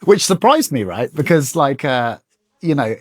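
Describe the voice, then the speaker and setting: A man hosts a casual podcast interview, putting relaxed questions to his guest and laughing along. His mid-pitched voice sounds dry and close. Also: a little slow, no echo. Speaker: podcast host.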